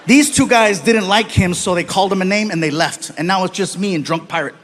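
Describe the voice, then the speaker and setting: Brief: a high-pitched American comedian, lively storytelling, faint background hum. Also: male voice, fairly quick. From United States. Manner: animated, acts out voices, swings between loud and soft. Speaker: stand-up comedian. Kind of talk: stand-up storytelling. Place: live comedy stage.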